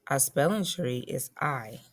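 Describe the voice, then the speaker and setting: A woman's voice: extremely low pitch, animated, a little slow. A woman teacher giving a phonics lesson to young children, patiently spelling and sounding out words.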